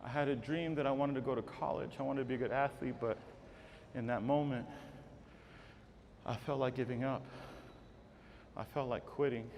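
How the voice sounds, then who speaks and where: A man from giving a keynote speech to educators, leading the crowd in call-and-response chants and telling stories in a hushed voice. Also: mid-range voice, steady tone, normal speed, long pauses, slight background noise. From Texas. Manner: storytelling, dropping to a hushed voice. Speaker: motivational speaker. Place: large auditorium. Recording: reverberant hall with audience.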